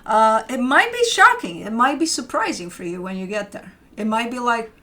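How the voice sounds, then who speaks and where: A woman's voice: on the high side, big pitch swings, normal speed, sharp tone. Chatty woman giving a tarot reading. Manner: rambling, conversational, lots of fillers and restarts. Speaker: tarot reader. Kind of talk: casual spoken tarot reading.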